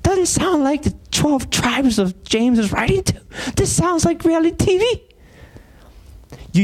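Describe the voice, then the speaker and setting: A man's voice: sits high, a little mellow. A man, preaching a sermon as pastor and throwing rhetorical questions at his congregation. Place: church sanctuary.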